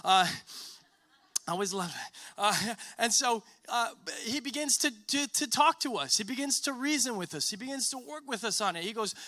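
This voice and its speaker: A man preaching a sermon as pastor, animated and conversational, tagging lines with a quick question and acting out characters in a casual modern voice. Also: very high voice, dry recording. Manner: conversational, many "right?" tags and restarts.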